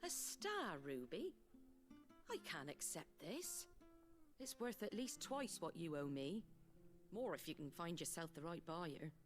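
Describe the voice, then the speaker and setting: A woman's voice: lowish voice, big pitch swings, a little slow, music in the background. An actress voicing a shrewd, folksy female moneylender who talks in a wry, chatty way in a video game. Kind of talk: game voice acting.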